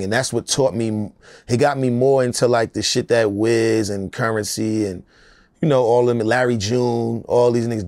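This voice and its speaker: A man's voice: mid-range voice, a little mellow, no room sound, clean studio sound. A man in his forties, a rapper being interviewed, talking in a casual, profane, streetwise way and often adding "you know what I'm saying".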